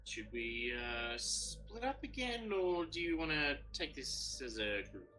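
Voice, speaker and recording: A man's voice: a little high, big pitch swings, unhurried, pushed and bright, low-quality recording. A man playing a tabletop game, speaking directly and decisively, with faint music behind. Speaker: player.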